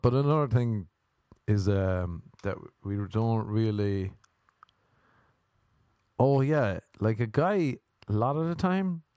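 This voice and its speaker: A man's voice: mid-range voice, mellow, dry recording, clean studio sound. A young man doing a rambling comic monologue to camera, crude and joking, often stopping to restart his sentences. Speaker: vlogger.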